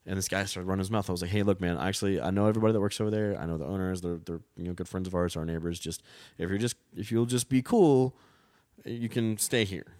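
A man's voice: sits low, fairly even intonation, rapid-fire, a little mellow, no echo, clean studio sound. A man, a bartender telling laid-back stories in casual chat and laughing through them. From Texas. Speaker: bartender, podcast guest.

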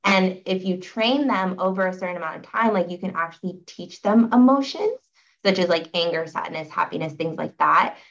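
A young woman appears as a podcast guest, telling a story in casual interview chat packed with fillers. Her voice is on the low side and a bit bright, with vocal fry, at a moderate pace. The audio sounds dull and slightly lo-fi.

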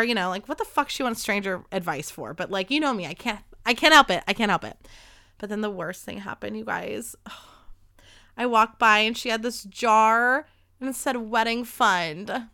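A woman's voice: fairly high pitch, normal speed, bright, forceful tone, clean tone, dry recording, clean studio sound. A woman in her thirties hosting a podcast, telling a rambling casual story with lots of "like" and free swearing. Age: 30s. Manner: chatty, rambling, swears freely, heavy use of "like". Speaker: podcast host.

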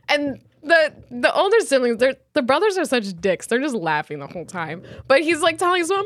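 Animated, high-voiced woman podcaster. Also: a little fast, few pauses, dry recording, clean studio sound. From United States. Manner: animated storyteller, acts out quotes with big pitch jumps. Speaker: podcast co-host. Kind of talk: casual sibling podcast chat.

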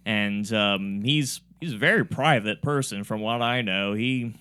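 A man with a bright, smooth voice talks casually on a podcast. He rambles through his points, full of "um"s and restarts. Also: fairly low pitch, a little slow. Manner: rambling, many fillers and restarts. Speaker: podcast host. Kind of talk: casual chat about comedy.

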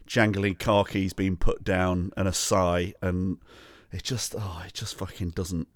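A man's voice: sits low, little pitch movement, a little slow, no echo. A man hosting a comedy podcast, chatting casually with dry, self-mocking humour. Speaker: podcast host. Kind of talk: casual chat.

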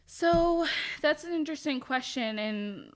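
A woman's voice: high-pitched, animated, unhurried. A woman speaking as a podcast guest, thoughtful and a little hesitant in casual talk about scripture. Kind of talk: casual Bible study chat.

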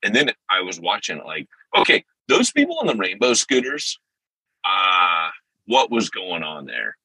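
A man hosting a podcast in casual chat, animated and full of quick impressions. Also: sits low, slightly rough, dry recording, poor audio. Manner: animated, jumps into impressions and loud exclamations. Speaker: podcast host.

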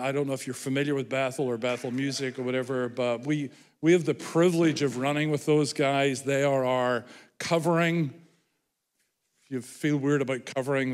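A man with an Irish accent preaching a sermon in a church, joking with the congregation about himself. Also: mid-range voice. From Ireland. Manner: self-deprecating, joking with congregation. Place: church hall. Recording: reverberant church hall.

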